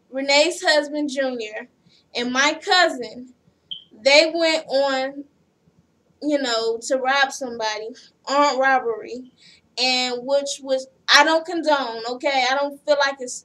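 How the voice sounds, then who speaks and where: A woman's voice: high voice, a little slow, a bit bright, far from the mic. A woman vlogger casually recapping a reality show episode, blunt and profane as she tells the story.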